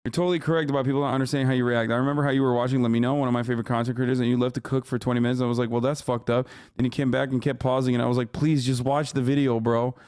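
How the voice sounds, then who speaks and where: A man's voice: mid-range voice, little pitch movement, racing, few pauses, darkish tone, smooth, no echo. A man in his thirties livestreaming from a home setup, combative and profane as he argues with his viewers. He mocks and scolds the chat in a sarcastic, heated voice. The recording is close and dry, with almost no room sound. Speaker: streamer. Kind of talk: live stream reaction rant.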